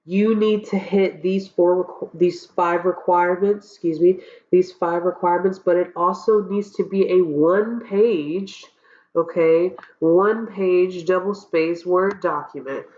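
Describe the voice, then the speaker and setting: Unhurried and steady, a woman speaks in a lowish, darkish voice congested by a cold. As a college public speaking instructor, she takes students through assignments in a casual recorded walkthrough, often pausing for ums and a checking "okay?". The sound is roomy and dull, clearly lo-fi.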